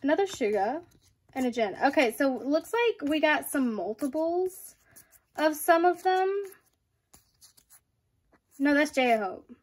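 Excitable high-voiced young woman vlogger. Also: slow pace, long pauses. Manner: excitable, gushing, giggly. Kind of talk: casual unboxing vlog.

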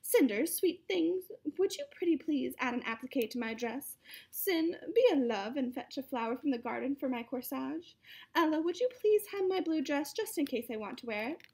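A woman's voice: high-pitched, animated, normal speed, vocal fry, darkish tone. A woman putting on fussy, sugary stepsisters. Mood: coaxing. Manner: wheedling, sugary requests. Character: fussy, demanding young stepsisters.

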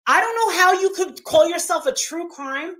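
A woman's voice: very high-pitched, lively intonation, moderate pace, a bit bright. A woman hosting a livestream, ranting heatedly and combatively, swearing constantly and repeating herself for emphasis. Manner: talks over others, repeats herself for emphasis. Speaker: livestream host.

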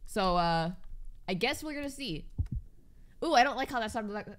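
A young woman doing casual let's-play commentary on a horror game, animated and jokey and easily startled. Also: on the high side, normal speed, a little hiss or hum. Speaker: gaming YouTuber.

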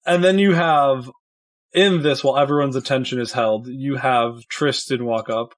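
A man running a tabletop role-playing game as game master, narrating in a casual, relaxed way. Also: medium pitch, a little fast. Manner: casual, laid-back narration with fillers.

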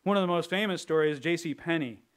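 A man preaching from the pulpit in a somewhat high voice. He is animated and humorous, with lively, raised bursts. For his serious points he drops to a quiet, earnest tone. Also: quick pace. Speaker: pastor. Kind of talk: sermon.

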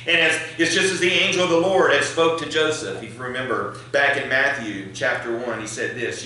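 A man's voice: mid-range voice, moderate pace, pushed and bright, a little hiss or hum. A man preaching a sermon as pastor, building emphasis and leading prayer. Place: church sanctuary. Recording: echoey church hall, mic at a distance.

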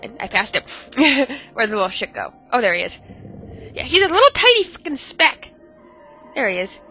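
A woman's voice: on the high side, big pitch swings, moderate pace, bright, forceful tone, faint music behind. A woman with a stuffy nose giving casual, profane and exasperated commentary on her game. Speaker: let's play gamer.

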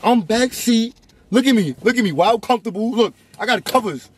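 High-voiced young man teasing in a car. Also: lively intonation, fairly quick, slightly rough.

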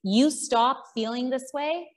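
A woman's voice: sits high, takes it slowly. A woman, a parenting coach and podcast guest, explaining her ideas earnestly and drawing on examples and quotes.

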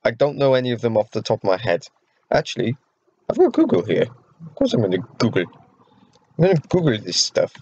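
A young man vlogging casually about upcoming films, rambling with many fillers like an excited fan. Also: lowish voice, highs cut off, a little hiss or hum. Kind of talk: casual vlog talk.

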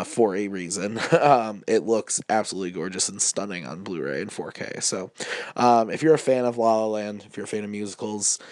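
A man's voice: fairly low pitch, dry recording, clean studio sound. A man with a stuffy head cold giving a casual, upbeat movie review, with lots of ums.

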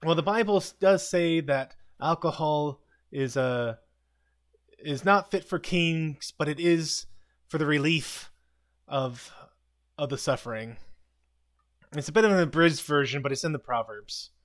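A man hosting a casual live stream, retelling a TV episode scene by scene with quick quoted lines and frequent chuckles. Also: on the high side. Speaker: live commentary host.

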